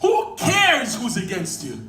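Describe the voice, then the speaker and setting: A pastor preaching a sermon with animated energy that builds to shouting. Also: male voice, very high-pitched, slow pace, recorded from a distance. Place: church sanctuary. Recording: echoey hall recorded from afar.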